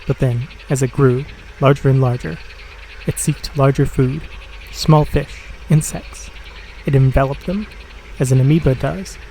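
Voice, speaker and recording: A man narrates a horror comic with measured, dramatic pauses. His voice is mellow and dark, at an even middle pitch. Faint swamp ambience sits behind him. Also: a little hiss or hum, rough recording. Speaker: audio comic reader.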